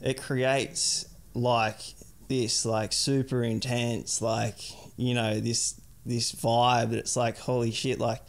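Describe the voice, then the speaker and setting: A man's voice: mid-range voice, flat delivery, slow pace. A young adult man chatting casually as a podcast guest, rambling and filling his sentences with "like". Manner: rambling, heavy use of "like". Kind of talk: casual chat.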